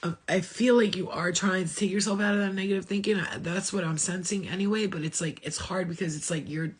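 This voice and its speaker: A woman's voice: lowish voice, fairly even intonation, a little fast, breathy edge. A woman giving a channeled spiritual message in a rambling, emotional way, with casual swearing. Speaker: spiritual reader.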